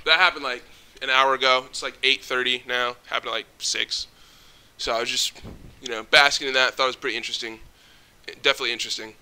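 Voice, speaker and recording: Young adult male vlogger, animated storyteller, cursing, sharp bright tone. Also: mid-range voice, fast talker, clear, resonant tone. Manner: excitable, profane, animated. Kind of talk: casual storytelling.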